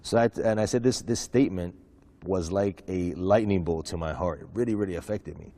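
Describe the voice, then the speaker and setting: A man from the United States telling the story of his conversion in an interview, talking quickly with lots of fillers. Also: low-pitched, no echo. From USA. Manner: fast, animated storytelling with many fillers. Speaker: guest.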